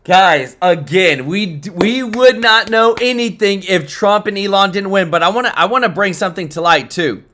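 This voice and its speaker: A man's voice: high-pitched, animated, normal speed, few pauses, bright, forceful tone. A young man hosting political reaction commentary, fired up and talking straight to his viewers.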